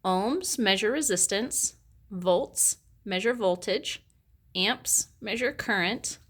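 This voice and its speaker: A woman reading scripted memory facts for a lesson, announcing each subject crisply. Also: medium pitch, slow, fairly bright tone.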